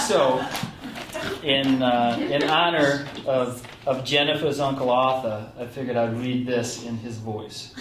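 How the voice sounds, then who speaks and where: A man casually introducing a reading at a live event, chatty and halting with many ums and asides. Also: mid-range voice, background noise. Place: small theatre stage with audience. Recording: roomy live room, mic at a distance.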